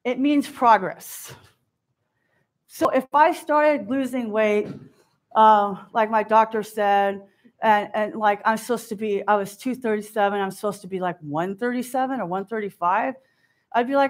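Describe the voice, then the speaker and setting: A middle-aged woman gives a keynote talk that is candid and self-deprecating, often acting out the voices of people who spoke to her. Her voice is mid-range and a little slow.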